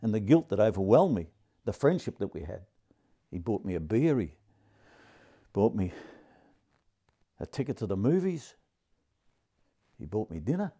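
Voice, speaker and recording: A man in his seventies with an Australian accent, telling a crude, grumpy stand-up comedy story in a deadpan way. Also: on the low side, moderate pace, long pauses. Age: 70s.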